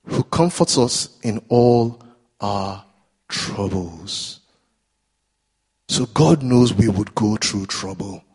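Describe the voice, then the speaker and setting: A man's voice: on the low side, expressive, takes it slowly, pauses often, a little mellow, breathy edge. A man preaching a sermon in a church, earnest and exhorting, repeating phrases as he builds intensity.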